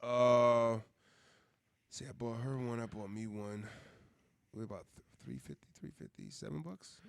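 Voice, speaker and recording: A man's voice: mid-range voice, unhurried, vocal fry, clear, resonant tone. A man cohosting a podcast, telling loose, profane stories in casual chat. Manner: loose, profane storytelling with laughs and restarts.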